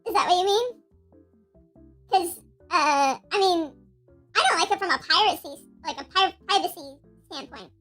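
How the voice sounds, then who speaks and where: A woman talking through a pitch-raising voice changer as a little minion creature, with giggly, rambling chatter on a live stream. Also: normal speed, pauses often, a bit bright, soft background music.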